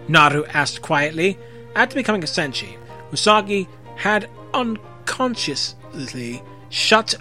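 A man's voice: on the high side, sharp tone. A young man reading fan fiction aloud in a casual way, breaking off for jokey asides. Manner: casual, jokey, swears freely.

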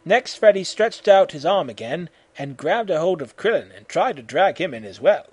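A man reading a fan fiction story aloud in an animated way, acting out the shouted voices. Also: on the high side, normal speed, husky.

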